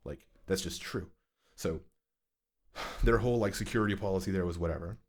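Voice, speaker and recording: Man, very low voice, exasperated, profane, casual podcast rant. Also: normal speed. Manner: ranting, profane, exasperated storytelling. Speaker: podcast co-host. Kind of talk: casual chat.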